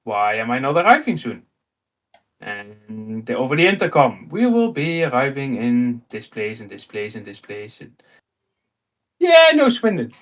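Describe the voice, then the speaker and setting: A man in his thirties with a Dutch accent, telling an animated personal story in casual chat and acting out the dialogue. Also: mid-range voice, a little slow. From Netherlands. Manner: animated, acts out dialogue, laughs often. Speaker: host.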